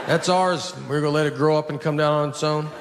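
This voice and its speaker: A man from Tennessee with a Southern accent doing a stand-up comedy set, telling stories in a deadpan, low-key way, with audience laughter behind him. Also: racing, background noise.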